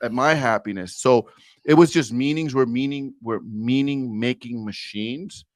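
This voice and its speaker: A man's voice: medium pitch, measured pace, no echo. Earnest emphatic man telling his story. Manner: earnest, emphatic, addresses the host as brother. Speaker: podcast guest. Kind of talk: candid storytelling interview.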